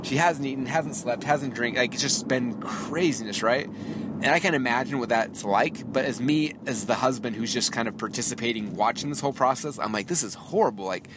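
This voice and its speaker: A man in his thirties, a podcast host, telling a story in a chatty, lively way with quick asides and small laughs, recorded in a car while driving. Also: mid-range voice. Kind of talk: casual storytelling monologue. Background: faint vehicle noise.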